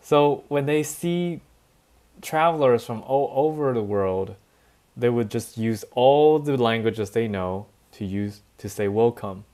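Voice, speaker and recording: A man's voice: medium pitch, animated, takes it slowly, mellow. Man giving a chatty lesson. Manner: chatty, says "right?" often, laughs lightly. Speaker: English teacher. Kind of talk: relaxed bilingual classroom lecture.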